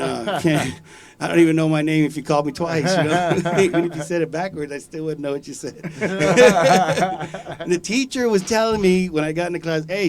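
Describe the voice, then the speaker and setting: A man in his forties sits in a radio studio, spinning laid-back, slangy stories full of swearing. He laughs often as he goes, and his voice sits a little high for a man. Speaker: studio guest. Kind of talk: casual storytelling chat.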